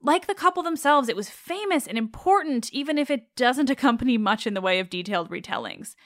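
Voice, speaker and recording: A woman's voice: sits high, animated, brisk, no room sound, clean studio sound. A woman retelling an old myth in an informal way, openly enthusiastic and affectionate about her subject. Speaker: mythology presenter.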